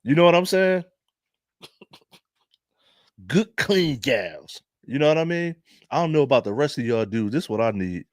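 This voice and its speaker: A young man with a Philadelphia accent doing casual, laughing commentary to his viewers in drawn-out slang. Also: on the high side, a little mellow, clean tone, no room sound, clean studio sound. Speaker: commentary vlogger.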